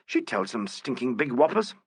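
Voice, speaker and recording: A man's voice: medium pitch, very animated, normal speed, breathy edge, no room sound, clean studio sound. A man reading the part of a teasing, suspicious young male journalist. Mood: grumbling.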